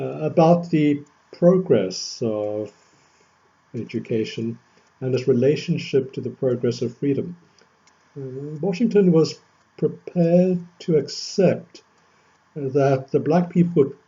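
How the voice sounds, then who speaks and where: A man gives an academic lecture in a very dark, mellow voice with a husky edge. He speaks in a measured, thoughtful way and lifts certain phrases for emphasis. The recording sounds dull and lo-fi. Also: mid-range voice.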